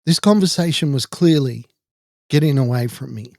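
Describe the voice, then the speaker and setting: A man's voice: mid-range voice, moderate pace, gravelly, darkish tone, no echo. Indignant Irish man, dry close sound. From Ireland. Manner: indignant storytelling. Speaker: podcast host. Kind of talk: personal monologue.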